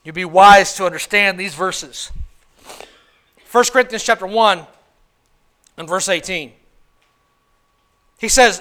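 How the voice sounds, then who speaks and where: A man preaching a sermon in church, swinging from hushed, quiet lines to loud shouted ones and putting many questions to the congregation. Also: high voice, animated, a little slow, pauses often. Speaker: pastor.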